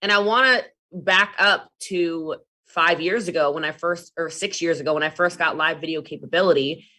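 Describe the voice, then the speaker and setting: A woman giving an energetic network marketing training talk, animated and quick to jump between demonstrations and asides. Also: lowish voice. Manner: fast, animated, jumps between demos and asides.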